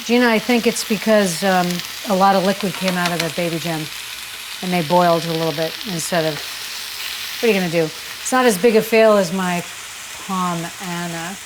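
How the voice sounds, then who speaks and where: A woman's voice: on the low side, steady tone, moderate pace, noisy background. A woman hosting a casual cooking demonstration in a kitchen, chatty and candid, teasing herself and breaking into sudden exclamations. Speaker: cooking show host.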